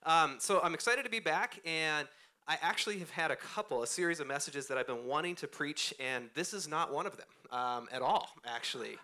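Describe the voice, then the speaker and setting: On a church stage, a pastor in his thirties preaches casually and conversationally into a close handheld or stand mic. His voice runs on the high side, fairly quick, bright and forceful, with frequent laughter and self-deprecating humor.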